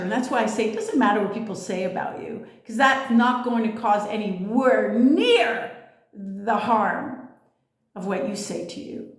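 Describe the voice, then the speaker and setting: A woman's voice: medium pitch, expressive, unhurried. A woman giving a casual spiritual monologue, blunt and emphatic, swearing freely. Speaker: spiritual vlogger. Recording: echoey room.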